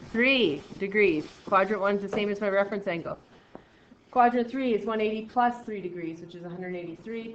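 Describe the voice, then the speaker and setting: A woman teaching a math lesson, brisk and encouraging, talking straight to her students. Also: medium pitch, a bit bright, a little hiss or hum. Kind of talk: classroom lesson. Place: classroom. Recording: muffled roomy classroom recording.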